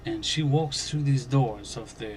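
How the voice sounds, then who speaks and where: A man hosting a Christian channel, earnestly recounting a dream as personal testimony, halting and restarting, and growing emphatic on key points. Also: mid-range voice, a little hiss or hum. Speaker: Christian video channel host.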